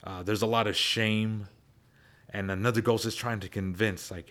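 Male host, slightly low pitch, relaxed rambling story recap. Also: normal speed. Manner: loose, rambling, repeats words while thinking. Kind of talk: casual story retelling.

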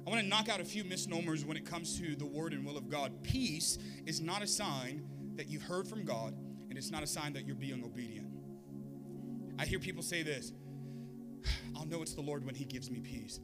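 A man's voice: a little high, moderate pace, loud music behind the voice. A man preaching a sermon as a pastor, telling a story with humor and acting out the voices of the people in it.

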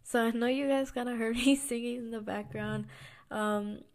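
A woman's voice: on the high side, fairly even intonation, moderate pace, a little mellow, faint music behind. A woman talking casually and earnestly about her faith, repeating phrases for emphasis. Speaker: vlogger sharing a faith reflection. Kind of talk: casual devotional talk.

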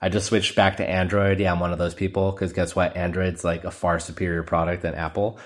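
A man's voice: low voice, level tone, a little fast. Laid-back rambling podcast guy. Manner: rambling, joking, laughs often; playful, says "man" and "baby" a lot. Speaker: podcast host. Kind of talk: casual solo podcast monologue.

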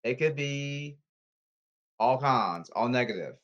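A man podcasting alone in a repetitive, halting, pleading monologue. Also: mid-range voice, lively intonation, fairly bright tone. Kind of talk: rambling solo monologue. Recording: slightly dull lo-fi audio.

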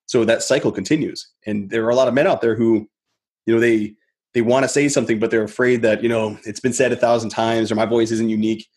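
A man with a mid-range voice speaks as a guest on a podcast. He thinks out loud and often circles back mid-sentence. His delivery is reflective and unhurried. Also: mid-range voice, fairly even intonation. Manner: rambling, reflective, many "you know" fillers and restarts. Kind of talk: casual podcast conversation.

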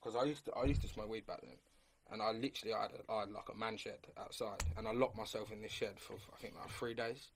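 A man's voice: lowish voice, fairly even intonation, quick pace, background noise. A young man telling a personal story in casual conversation, rambling and repeating himself, often calling the listener mate. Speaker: guest.

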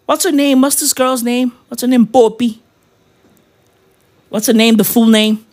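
A woman's voice: on the high side, steady tone, unhurried, darkish tone. A young woman from Africa, delivering a profane comedic rant that keeps tossing in "right?". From South Africa.

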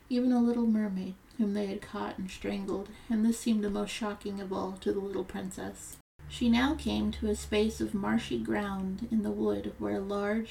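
A woman narrating a fairy tale as a storyteller, in a steady, measured reading. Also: medium pitch, vocal fry, low-quality recording.

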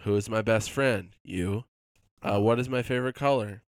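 A man's voice: on the low side, moderate pace, dry recording, studio quality. A man co-hosting a casual comedy podcast, quizzing his friend with playful questions and laughing often. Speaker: podcast co-host asking quiz questions.

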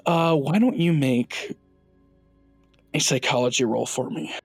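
A man running a tabletop horror game as game master, narrating scenes in a relaxed way with frequent ums and uhs. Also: mid-range voice, a little slow, no echo, soft background music.

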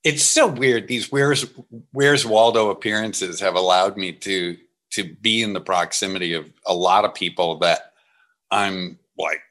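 A man's voice: low voice, a little slow. A man, an actor guest in an interview, telling anecdotes with laughs and acted-out quotes. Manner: animated, laughing, acts out quotes.

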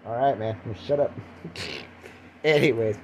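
A man's voice: mid-range voice, takes it slowly, a little mellow, slight background noise. An older man hosting his own podcast in a goofy, rambling comic monologue, laughing often and dropping into silly voices. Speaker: podcast host.

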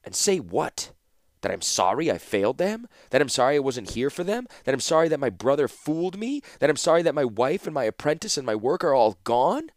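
A man's voice: medium pitch, very animated, a little fast, no echo, pitched above the performer's own voice, natural voice. A man reading the part of a grief-stricken older master artificer whose voice sounds strangled. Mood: anguished. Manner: strangled, rising to vengeful resolve.

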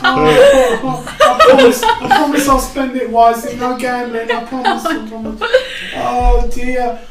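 A tiny, foul-mouthed elf woman cries and scolds in a high, shrill, wavering voice. She sounds small and frantic in a tabletop game, picked up from a distance in a roomy, noisy space. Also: lively intonation, a little slow, a crowd in the background. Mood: tearful tenderness. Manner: shrill, wailing, scolding through tears.

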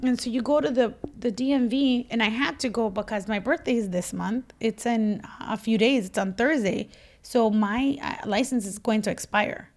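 Animated woman host, slightly high voice, casual anecdote-style delivery. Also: moderate pace, a little hiss or hum. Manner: animated, laughing, acts out quotes. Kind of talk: casual storytelling chat.

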